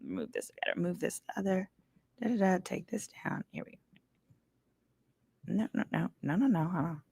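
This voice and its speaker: A woman's voice: fairly low pitch, lively intonation, moderate pace, vocal fry, a little mellow, slightly rough. Chatty lady lawyer hosting a livestream. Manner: chatty, addresses viewers as y'all. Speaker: attorney and show host. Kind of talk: casual legal commentary livestream. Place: hotel room.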